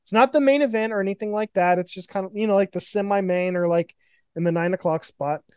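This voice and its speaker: A man's voice: high-pitched, fast, clear, resonant tone, no room sound. Profane rambling male podcast host. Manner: profane, rambling, animated storytelling with mock quotes. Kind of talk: casual fantasy booking chat. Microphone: video call.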